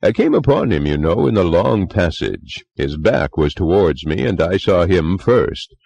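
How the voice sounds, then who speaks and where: Brief: earnest clubman confiding a ghost tale, read by a man, low gravelly voice, a lively lilt. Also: a little slow, muffled recording, full character voice. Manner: musing, confiding, wry. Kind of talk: audiobook character reading.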